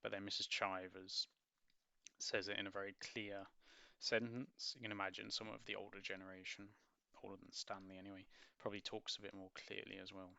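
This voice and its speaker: A man's voice: lowish voice, little pitch movement, a little fast, gravelly, bright, forceful tone, no room sound. A man reviewing a children's play script in a casual, rambling way, musing aloud and correcting himself as he goes. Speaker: book reviewer. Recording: dull lo-fi dry recording.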